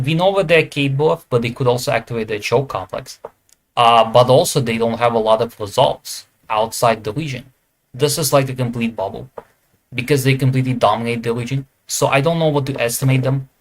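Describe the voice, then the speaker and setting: A man's voice: mid-range voice, fairly even intonation, brisk. Man ranking teams, thinking aloud. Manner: thinking aloud, hesitant with fillers and self-corrections. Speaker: esports tier list creator. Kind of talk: casual commentary while ranking.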